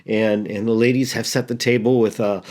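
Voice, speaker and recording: A man, a pastor, telling a story in a sermon, halting and repeating words earnestly. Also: lowish voice, flat delivery, darkish tone.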